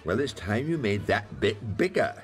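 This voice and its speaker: An older man with a Scottish accent, narrating and acting in a scripted radio comedy with dry, deadpan delivery. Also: on the low side, normal speed, soft background music. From Scotland.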